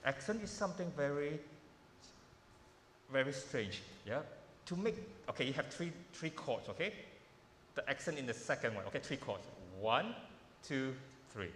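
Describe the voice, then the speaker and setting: A man's voice: a little high, animated, moderate pace, pauses often, a bit bright, a little hiss or hum. Man coaching piano in an echoey hall. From Malaysia. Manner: informal coaching, repeating words, non-native phrasing. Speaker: piano teacher giving a workshop. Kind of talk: masterclass teaching. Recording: roomy hall echo with piano playing.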